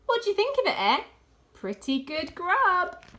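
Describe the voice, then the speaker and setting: A woman's voice: extremely high pitch, wildly swooping pitch, a little slow, fairly bright tone, pitched above the performer's own voice, exaggerated voice. Woman doing Mister Fox, grand and gleeful. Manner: grand, relish-filled, commanding. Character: proud, showy adult male fox, head of family.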